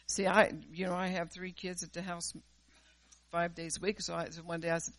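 Woman preacher, fervent, loud-to-quiet swings, repeats words, recorded dry and close. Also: fairly low pitch, level tone, normal speed, no room sound. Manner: repeats words and restarts phrases while preaching. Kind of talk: sermon.

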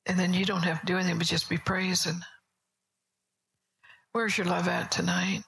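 A woman preaching a sermon at a church service, telling stories in a conversational way, often soft and whispery. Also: fairly low pitch, flat delivery, normal speed, vocal fry, poor audio.

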